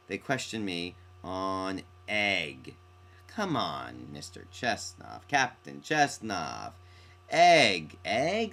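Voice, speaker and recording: A man's voice: deep voice, sharp tone. A man teaching a recorded mini-lesson on poetic sounds, reading his examples with playful, theatrical flair.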